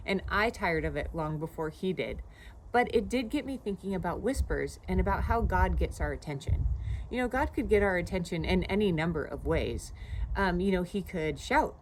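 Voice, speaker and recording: A woman's voice: on the low side, a little hiss or hum. A woman in her thirties, a pastor giving a devotional video talk in a conversational, personal storytelling way. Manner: conversational, personal storytelling with frequent "you know".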